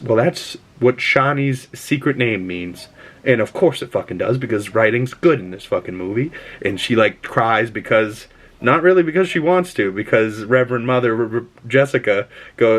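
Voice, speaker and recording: A man giving a casual, spoiler-filled movie review, chatty and excitable, swearing freely as he talks. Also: mid-range voice, normal speed.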